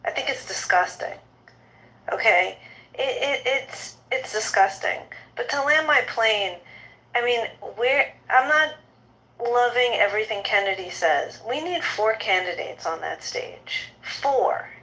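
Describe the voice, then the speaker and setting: A woman in her fifties delivers an impassioned political rant in an audio chat room, agitated and indignant, stumbling and repeating herself as she talks. Her voice sits fairly high and sounds bright and forceful. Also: animated, measured pace, rough recording. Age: 50s.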